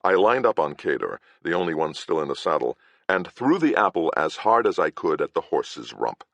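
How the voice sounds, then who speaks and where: A man's voice: extremely low pitch, very animated, moderate pace, gravelly, a bit bright, no room sound. A man reading a first-person fantasy audiobook, with a wry storytelling manner. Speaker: audiobook narrator.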